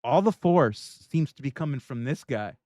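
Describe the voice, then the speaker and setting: A man's voice: mid-range voice, lively intonation, moderate pace, dark tone, no room sound, clean studio sound. A man hosting a livestream, reacting to video clips in casual, irreverent commentary and laughing often. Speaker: livestream host.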